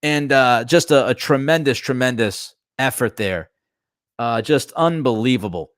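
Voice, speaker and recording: A man hosting a sports talk show, delivering animated, emphatic commentary and ranting about officiating. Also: mid-range voice, a little slow, no echo, studio quality. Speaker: sports radio host.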